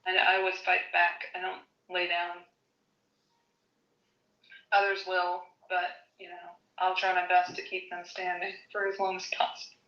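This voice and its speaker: A woman hosting a podcast in casual chat, blunt and quick to laugh. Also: lowish voice, monotone, sharp tone. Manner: chatty, laughs often, blunt. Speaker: podcast host. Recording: echoey, dull lo-fi audio.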